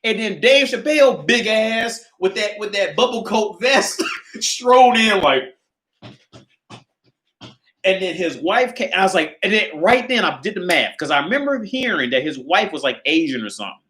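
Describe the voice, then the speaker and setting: This livestream host, a man, is shot on a hand-held phone or camera as he spins a profane, laugh-filled story from his cramped apartment. His voice sits high and sounds expressive, bright and forceful at a moderate pace.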